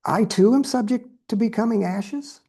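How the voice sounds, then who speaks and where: A man's voice: sits high, normal speed, warm tone, pitched above the performer's own voice. A man voicing a sheltered young prince who asks earnest, puzzled questions in a slightly raised voice.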